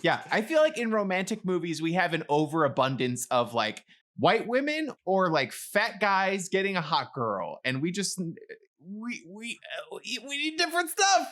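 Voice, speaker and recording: A man co-hosting a podcast in casual chat, agreeable and quick to back up his co-host, swearing casually. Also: high-pitched, huge pitch swings, fairly bright tone.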